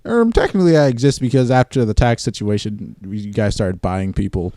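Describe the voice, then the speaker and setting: A man's voice: lowish voice, fairly quick, dark tone, dry recording, clean studio sound. Wisecracking man on a podcast. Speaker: podcast co-host. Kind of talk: casual chat.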